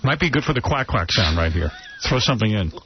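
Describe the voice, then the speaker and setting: A man's voice: on the low side, big pitch swings, fast. A male radio host playing a bossy mock director, barking cues in a live radio show. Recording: dull radio studio with live crowd.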